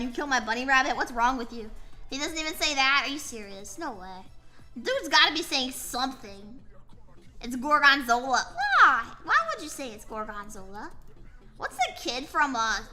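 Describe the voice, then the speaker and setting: A woman's voice: sits high, pushed and bright. A tired young woman streaming as a VTuber, chatting casually and rambling while she draws and answers her chat. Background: faint music playing.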